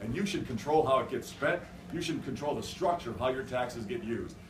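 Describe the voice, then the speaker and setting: A man's voice: medium pitch, lively intonation, a little fast, background noise. Emphatic man's rally speech in echoey room. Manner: emphatic and repetitive, building to loud rallying cries. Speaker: state governor giving a speech. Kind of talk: rousing political stump speech. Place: restaurant function room. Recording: echoey room, mic at a distance.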